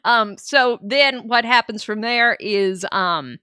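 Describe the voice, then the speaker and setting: A woman streamer giving a casual, rambling, animated recap of a game series, full of fillers and asides. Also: fairly high pitch, slow pace, clean tone, dry recording, clean studio sound.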